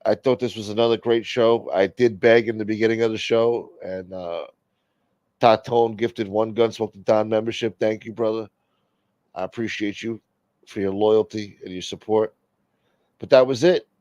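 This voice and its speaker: Profane low-voiced man ranting on stream. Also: fairly even intonation, moderate pace, darkish tone, no room sound. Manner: profane, rambling, complaining. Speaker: livestream host. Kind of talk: casual livestream talk. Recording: dull lo-fi stream audio.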